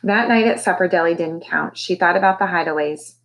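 A woman teacher reading a novel aloud to her class, with expressive, animated storytelling. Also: fairly low pitch, brisk, poor audio.

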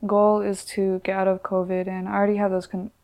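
A woman in her twenties, a podcast guest, chatting casually in relaxed, slangy talk full of "like". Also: medium pitch, brisk. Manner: relaxed, slangy, many "like" fillers. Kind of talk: casual chat.

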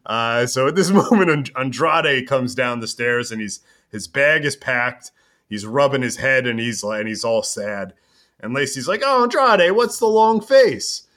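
A man with a bright, forceful voice hosts a casual podcast. He recaps a wrestling show in an animated, storytelling way, with quick asides along the way. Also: medium pitch. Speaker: podcast host.

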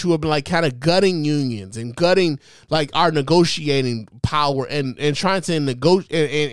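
A man's voice: on the high side, no room sound. A man hosting his own podcast, giving impassioned, profane solo commentary with lots of repetition and emphasis into a close mic. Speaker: podcast host.

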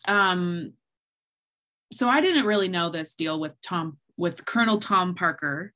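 A woman's voice: lowish voice, expressive, measured pace, sharp tone. A woman co-hosting a podcast, chatting casually with many fillers and frequent laughter. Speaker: podcast co-host. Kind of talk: casual chat.

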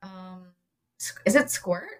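A woman's voice: mid-range voice, expressive, slow pace. A woman in casual conversation about food, talking with enthusiasm and plenty of fillers. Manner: chatty, enthusiastic, lots of fillers. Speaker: guest. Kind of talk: casual chat.

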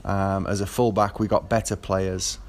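A man with a somewhat low voice chats casually about football. He rambles, stopping often for fillers and starting his sentences over. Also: level tone, moderate pace. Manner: rambling, with frequent fillers and restarts. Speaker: football fan. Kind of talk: casual monologue.

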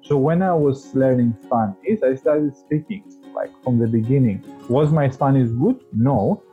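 A man's voice: mid-range voice, unhurried, phone-quality sound, soft background music. A man speaking English as a second language, talking earnestly and passionately as a podcast guest, often restarting his phrases. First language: not English. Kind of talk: casual interview talk.

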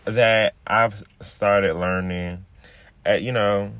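A little hiss or hum sits under the recording of this man in his twenties, who rants crudely and brashly on his podcast at a normal speed. When he rolls a blunt, his voice drops to a low, laid-back murmur.

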